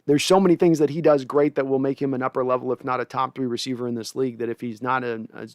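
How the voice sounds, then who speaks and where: A man's voice: mid-range voice, steady tone, fast talker, clear, resonant tone, no room sound, studio quality. A man hosting a casual livestream, breaking down football players in a rambling way with many restarts. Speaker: host. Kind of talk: casual livestream sports analysis.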